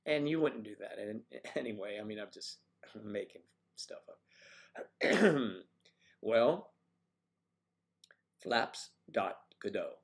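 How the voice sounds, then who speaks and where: American guy goofing around on a home livestream, lowish voice, jokey and bouncy. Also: slow, vocal fry, pauses often. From United States. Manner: playful, teasing, animated jumps in pitch. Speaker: livestream host. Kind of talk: casual chat reading viewer comments.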